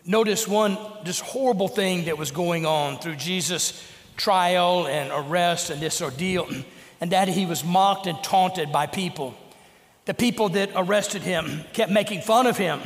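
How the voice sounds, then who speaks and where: High-voiced pastor preaching in a reverberant church. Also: male voice, moderate pace. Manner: earnest, emphatic preaching with dramatic acted quotes. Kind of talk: sermon. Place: church sanctuary. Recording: long reverb of a church sanctuary.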